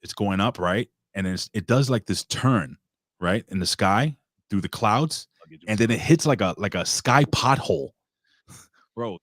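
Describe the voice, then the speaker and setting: A male host talks in a deep, low voice, spinning wild stories with plenty of cursing. He also slips into booming announcer-style introductions, and the sound is dry and close. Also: measured pace, dry recording. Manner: excitable, profane storytelling with hype announcer intros. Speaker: podcast host. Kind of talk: casual chat.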